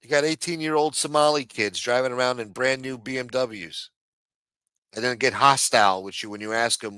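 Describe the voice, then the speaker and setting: Male stream host, smooth resonant voice, dry close sound, heated and profane. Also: medium pitch, moderate pace, sharp tone, no echo. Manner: heated, profane, repetitive, then apologetic. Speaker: livestream host. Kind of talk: profane political rant on a stream.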